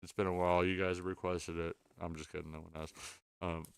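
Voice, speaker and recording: A man's voice: sits low, little pitch movement, fairly quick, creaky, clear, resonant tone, no room sound, studio quality. A tired man hosting a casual late-night podcast chat, rambling, swearing and stammering as he apologizes. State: exhausted, sleepy. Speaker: podcast host.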